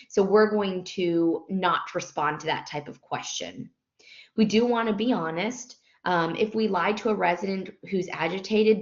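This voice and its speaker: A woman with a fairly low voice talks through a nursing lecture at an easy pace, often pausing on "um" and correcting herself mid-phrase. The sound is dull and lo-fi, with a roomy echo around her. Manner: conversational, frequent ums and self-corrections. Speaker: nursing instructor. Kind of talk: recorded lecture.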